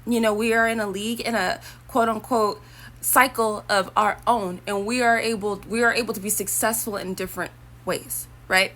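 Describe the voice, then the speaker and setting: A woman's voice: mid-range voice, fairly even intonation, moderate pace, a bit bright. A young woman talking casually to her viewers, rambling and chatty with preachy asides. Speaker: vlogger. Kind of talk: casual talk to camera.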